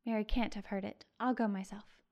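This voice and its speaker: A woman reading the lines of an eager, excited young schoolgirl in a storybook. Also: medium pitch, a little fast, lo-fi sound, close to an everyday voice. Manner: gushing, eager.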